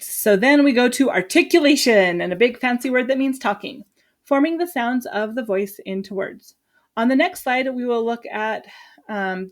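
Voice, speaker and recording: A woman from Utah, a teacher, chatting casually and lively as she walks through her lesson plan with quick asides. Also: mid-range voice. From Utah, USA.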